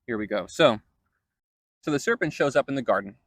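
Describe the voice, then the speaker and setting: A man's voice: medium pitch, animated, a little fast, no room sound. A man hosting a casual Bible teaching vlog, talking in a conversational way with fillers and self-corrections. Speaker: host.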